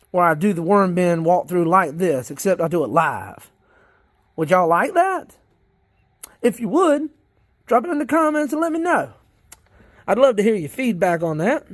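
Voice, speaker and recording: A man with a Southern US drawl talks in a folksy, wandering way as he checks on his worm bins outdoors. His voice sits high for a man. The sound is dry, with no room echo. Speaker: worm farmer vlogger. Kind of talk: casual chat.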